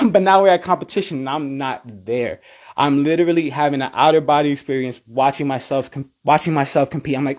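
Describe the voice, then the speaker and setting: A man in his thirties, a cheer coach, telling an energetic story and acting out his own thoughts in high voices. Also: fairly quick. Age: 30s. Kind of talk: animated storytelling.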